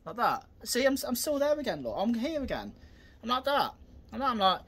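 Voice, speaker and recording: A man's voice: very high-pitched, huge pitch swings, normal speed, fairly bright tone. A man, a self-defence instructor, talking casually through a demonstration in a rambling, repetitive way.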